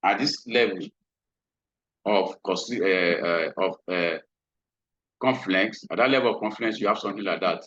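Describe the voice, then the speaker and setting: A low-voiced man talks through a trading lesson, repeating phrases and checking in with a questioning "hmm?". His tone is bright and slightly husky. The recording is dry and a bit dull. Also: normal speed, pauses often, no echo. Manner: repetitive, checks in with frequent "hmm?". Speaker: trading instructor. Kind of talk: screen-share trading lesson.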